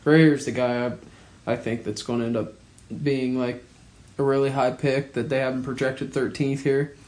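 A man's voice: mid-range voice, little pitch movement, normal speed, a little mellow. A man co-hosting a sports podcast in casual, profane, joking chat. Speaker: podcast co-host.

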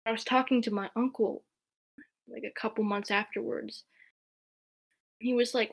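A woman's voice: a little high, steady tone, moderate pace, gravelly, long pauses. A woman telling a personal story in a casual, chatty way, with many fillers. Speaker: podcast guest.

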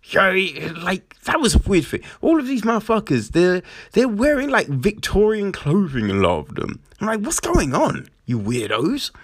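A man's voice: sits high, big pitch swings, moderate pace, few pauses, dry recording, clean studio sound. A man ranting about the news in a casual, sarcastic and profane way, often asking "right?". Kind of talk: casual commentary rant.

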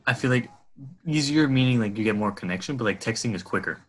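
A man's voice: medium pitch, expressive, quick pace. A young man co-hosting a casual podcast, easygoing and teasing, with slangy speech. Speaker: podcast co-host. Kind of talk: casual chat.

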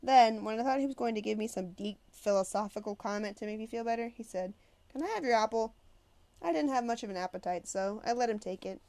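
A woman narrating an audiobook in the first person with an expressive, conversational delivery. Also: medium pitch, quick pace, hardly any pauses.

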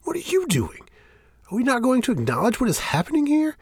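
A man's voice: medium pitch, expressive, normal speed, fairly bright tone, breathy edge, dry recording, studio quality, voice pushed up, heavily acted. A man doing a defiant, frustrated priest. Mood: heated defiance. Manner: heated, challenging, at times in raised whispers. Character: agitated, defiant male temple priest.

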